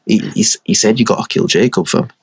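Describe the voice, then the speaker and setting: A man's voice: lowish voice, vocal fry, a little hiss or hum, pitched below the performer's own voice. A man voicing a reluctant angel messenger who stammers out bad news. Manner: hesitant, halting, apologetic.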